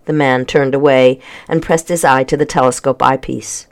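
Calm, measured storybook reader. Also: mid-range voice, vocal fry. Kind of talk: storybook read-aloud.

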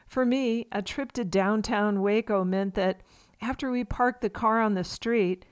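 A woman in her sixties from California, an author reading her own memoir aloud for radio in a measured, expressive way. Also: medium pitch, clean tone, no room sound, studio quality.

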